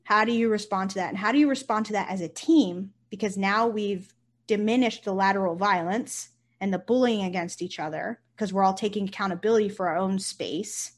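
A woman, a nurse and company founder, talking casually in an interview and telling stories with lively, acted-out quotes. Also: medium pitch, a little fast. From United States. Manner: animated storyteller, acts out quotes, swears casually.

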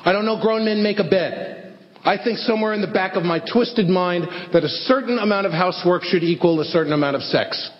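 A middle-aged man doing stand-up storytelling, self-deprecating and animated. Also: high voice, fairly quick. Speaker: stand-up comedian. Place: theater stage before an audience. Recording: echoey hall, dull lo-fi sound, faint hiss.

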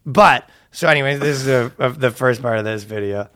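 A man's voice: medium pitch, brisk, fairly bright tone. A man hosting a comedy podcast, telling crude, joking stories full of swearing in casual chat. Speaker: podcast host.

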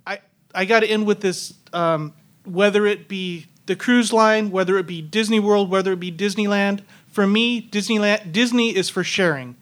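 A man's voice: high-pitched, normal speed, fairly bright tone. A man on a live podcast panel, speaking earnestly and encouragingly. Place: theater on a cruise ship, live audience.

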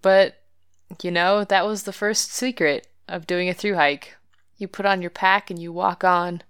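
A woman's voice: fairly low pitch, steady tone, unhurried, fairly bright tone, clean tone, no echo, clean studio sound. A woman hosting a hiking podcast, telling a story about herself in a candid, self-deprecating way with light laughs. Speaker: podcast host. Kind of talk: scripted podcast narration.

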